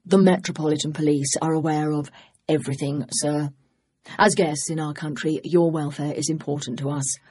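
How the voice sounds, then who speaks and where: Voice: medium pitch, steady tone, moderate pace, darkish tone, husky, natural voice. A narrator playing a hearty, blustering police inspector. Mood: jovial.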